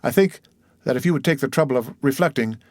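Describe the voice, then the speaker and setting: A man reading an audiobook, voicing an earnest young gentleman who presses his case out of worry for a friend. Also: medium pitch, fast, dry recording, clean studio sound, lightly acted.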